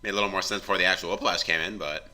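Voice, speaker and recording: A young man co-hosting a casual movie commentary, making quick dry jokes. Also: low-pitched, steady tone, bright, forceful tone. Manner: quick, dry, joking remarks.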